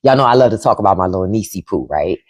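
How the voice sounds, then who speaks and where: Middle-aged woman chatting on her live from home, lively bouncy pitch, does little voices for quotes. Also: very fast. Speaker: livestream host. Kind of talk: casual livestream chat. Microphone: microphone.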